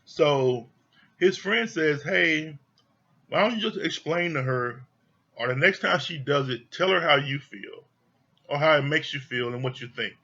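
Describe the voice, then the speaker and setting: A show reviewer with a slightly high, bright and forceful voice gives an expressive, unhurried, candid recap of a reality show. He swears freely and acts out the cast's lines in quoted voices, all through a muffled recording.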